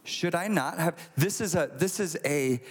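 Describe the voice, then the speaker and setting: A man preaching a sermon, retelling a scripture story in a conversational, animated way with acted asides. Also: on the high side, measured pace, breathy edge. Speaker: pastor. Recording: long hall reverb.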